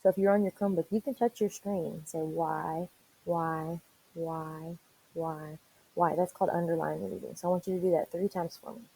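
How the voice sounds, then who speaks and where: A woman teacher leading an online reading lesson for young children, spelling words out slowly and encouraging them. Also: on the low side, steady tone, gravelly, dark tone, breathy edge, poor audio. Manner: encouraging, slow and deliberate spelling aloud.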